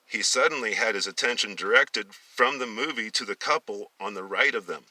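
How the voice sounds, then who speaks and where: Man, storybook reader, sharp forceful voice, stumbles and restarts, dry room, distant mic. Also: on the low side, normal speed, no room sound. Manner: stumbles and restarts, corrects himself. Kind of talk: reading a novel aloud.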